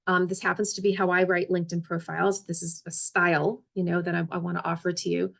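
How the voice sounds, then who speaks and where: A woman's voice: on the low side, level tone, fast, gravelly. A woman presenting a career webinar as a resume coach, talking casually and checking in with her listeners often.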